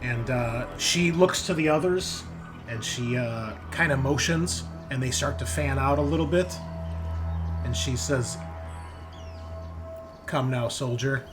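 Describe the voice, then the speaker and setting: A man's voice: mid-range voice, measured pace. Rambling man narrating as game master. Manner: rambling second-person scene description. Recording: tense background music.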